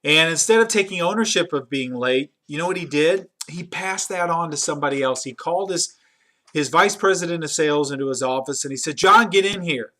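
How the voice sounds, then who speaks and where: Male webinar presenter, storytelling, conversational, slightly high voice. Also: a little fast, sharp tone. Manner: conversational, repeats words as he goes. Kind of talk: storytelling talk.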